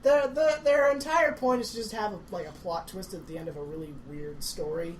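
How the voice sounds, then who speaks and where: Female podcast co-host, mid-pitched, wry asides; faint background noise. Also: fairly quick, poor audio. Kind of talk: casual chat.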